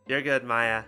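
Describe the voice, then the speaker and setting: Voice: medium pitch, sharp tone. A game streamer commenting casually and making self-deprecating jokes between reading lines. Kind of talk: casual let's-play commentary.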